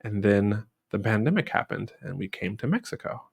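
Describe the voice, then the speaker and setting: A man from the United States chatting casually, relaxed and rambling with many fillers. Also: lowish voice, moderate pace, creaky, slightly rough. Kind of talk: casual chat.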